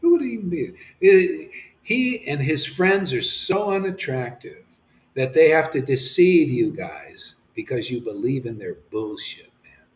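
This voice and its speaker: Delivering a fervent devotional sermon as a spiritual teacher, a man shifts between near-shouting and quiet murmurs, pressing his points through repetition and the occasional slangy "man". He sounds a little high and sing-song, speaks a little slowly, and was recorded roughly in an echoey room.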